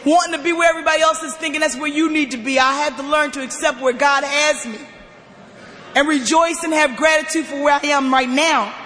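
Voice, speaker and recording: A woman giving an emphatic personal testimony at a recovery meeting, often pushing her voice close to a shout. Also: sits high, a little fast. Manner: emphatic, often near-shouting, animated storytelling. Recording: long hall reverb.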